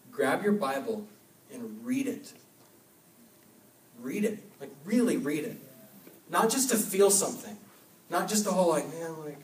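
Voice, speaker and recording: A young man giving an energetic youth sermon, urging with short repeated commands. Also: a little high. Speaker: youth pastor. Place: church hall. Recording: echoey hall, mic from a distance.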